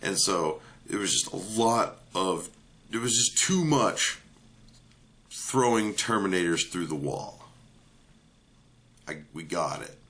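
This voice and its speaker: A man's voice: low-pitched, lively intonation, slow, long pauses, fairly bright tone. A man giving a casual, ranting movie review, blunt and profane, with many filler words.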